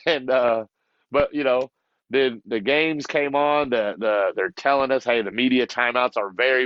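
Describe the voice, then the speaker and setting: A man in a podcast interview, a basketball coach telling a story with animation, often laughing and acting out what others told him. His voice sits at an ordinary middle pitch. The recording sounds a little muffled and dry. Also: no room sound. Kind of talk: casual storytelling.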